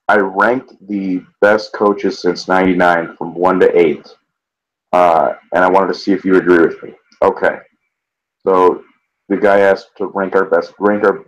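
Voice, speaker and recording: A man co-hosting a casual sports podcast, telling animated stories with frequent swearing and stammered restarts. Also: deep voice, measured pace, lo-fi sound. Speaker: podcast co-host.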